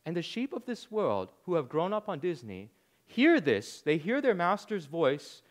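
A man in his thirties preaching a sermon, animated, with rhetorical questions and dry sarcasm. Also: a little high, unhurried. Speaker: pastor.

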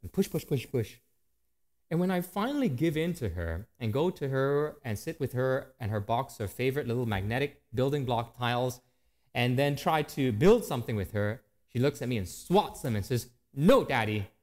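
A man in his thirties preaching a sermon to his church, animated and rising and falling in pitch and volume. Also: moderate pace. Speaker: pastor.

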